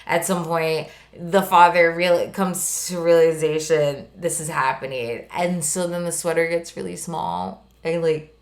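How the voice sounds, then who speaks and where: Animated woman co-host, echoey room. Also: lowish voice, unhurried, creaky, few pauses. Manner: animated storyteller, swearing, many "like" fillers. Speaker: podcast co-host. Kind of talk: casual chat. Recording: roomy echo.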